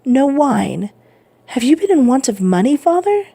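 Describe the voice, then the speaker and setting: A woman's voice: sits high, very animated, moderate pace, creaky, dark tone, husky, pitched above the performer's own voice, full character voice. A woman voicing an earnest young male sailor who is a devoted son, speaking eagerly in a storybook reading.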